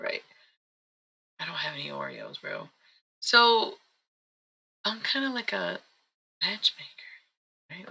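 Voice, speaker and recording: Streaming psychic reader, rambling chat with a gravelly, sharp edge to the voice. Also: medium pitch, low-quality recording. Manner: rambling, chatty, self-interrupting. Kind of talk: casual live-stream chat.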